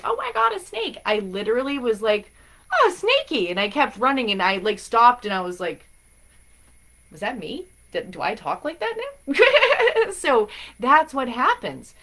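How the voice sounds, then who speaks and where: Bubbly and rambling, a Massachusetts spiritual reader chats while hosting her live stream of spiritual guidance, her voice medium-pitched with a fairly bright tone.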